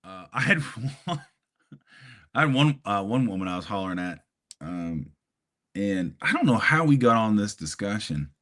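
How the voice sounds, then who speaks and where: This man grew up in Hawaii and talks in a bright, punchy, slightly low voice. He rambles through a story for a friend, stacking fillers and little laughs. It sounds like a casual podcast chat. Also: sing-song, normal speed. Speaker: podcast co-host.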